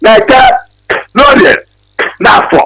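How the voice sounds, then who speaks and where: A man with a very high, gravelly voice gives an impassioned radio speech. He talks fast and preaches with a lively, swinging delivery. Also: low-quality recording.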